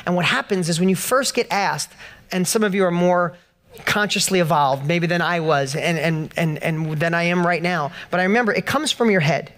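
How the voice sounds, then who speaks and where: A motivational speaker on stage at an event tells a personal story to a live audience with passion, his notably high voice climbing in pitch and force as he hammers home each point toward emphatic peaks. He keeps a moderate pace with a fairly bright tone.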